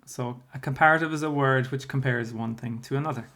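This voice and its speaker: Patient teacher explaining spelling. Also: male voice, mid-range voice, fairly quick, a bit bright. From Ireland. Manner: patient and explanatory, with frequent fillers. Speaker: primary school teacher. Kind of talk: recorded spelling lesson explaining a workbook.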